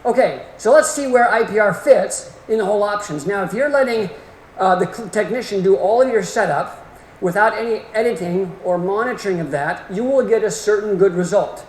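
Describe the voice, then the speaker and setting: Folksy, animated male lecturer in an echoey hall. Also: high voice, brisk. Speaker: orthodontic lecturer. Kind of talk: continuing-education lecture. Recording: echoey hall with faint room noise.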